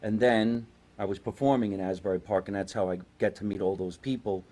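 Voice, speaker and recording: A man with a New Jersey accent hosting a live show, asking his guest friendly questions and shouting out viewers. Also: on the low side, fairly even intonation, fairly quick. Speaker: host.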